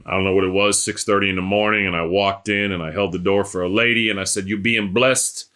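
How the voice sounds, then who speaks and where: A man's voice: deep voice, flat delivery, fast talker, bright, forceful tone. A man preaching a sermon, telling a story and building to emphatic exhortation.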